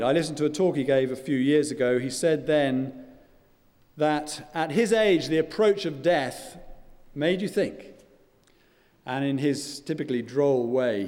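Older guy preaching a sermon, earnest and measured, mellow voice, big echoey church hall. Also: medium pitch. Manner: earnest, measured preaching with soft drops at phrase ends. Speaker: pastor.

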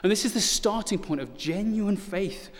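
A man's voice: high voice, expressive, normal speed. A man in his thirties preaching a sermon, earnest and building to urgent emphasis, with touches of self-deprecating humor. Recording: long hall reverb.

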